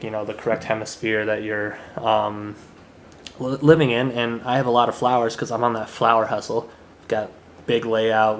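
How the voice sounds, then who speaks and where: A man's voice: fairly low pitch, slight background noise. A young man hosting his own podcast, chatting casually in a rambling, joking way with crude asides. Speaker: podcast host. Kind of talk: casual solo chat.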